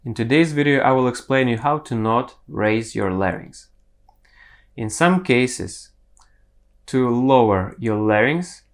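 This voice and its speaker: A man teaching singing, explaining step by step with the odd self-correction. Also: mid-range voice. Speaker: vocal coach.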